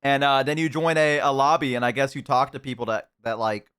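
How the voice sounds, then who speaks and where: A man's voice: mid-range voice, level tone, a little fast, a bit bright, smooth. A man streaming, chatting casually with his viewers while eating, rambling with lots of fillers and restarts. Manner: rambling, self-deprecating, many fillers and restarts.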